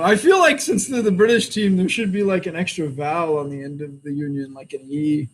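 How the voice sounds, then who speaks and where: Casual American man reviewing comics, high voice, rambling and blunt, faint background hum. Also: moderate pace, hardly any pauses, fairly bright tone, low-quality recording. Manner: opinionated, rambling, laughs often.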